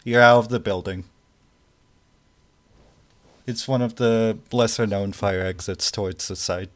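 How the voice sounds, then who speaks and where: A man narrating a tabletop game as game master, slow and halting, with many restarts. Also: on the low side, fairly even intonation.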